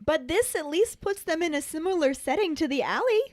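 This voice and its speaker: A woman's voice: very high voice, animated, a little fast, dry recording, clean studio sound. A woman co-hosting a podcast in casual chat, retelling a story playfully. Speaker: podcast co-host.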